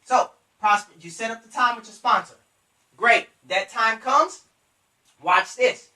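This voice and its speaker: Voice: medium pitch, a little slow, sharp tone. Pumped-up sales trainer, punchy and repetitive, mic kinda far off, roomy echo. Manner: emphatic, repetitive, coaching directly to listeners. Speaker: business trainer. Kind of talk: motivational sales coaching.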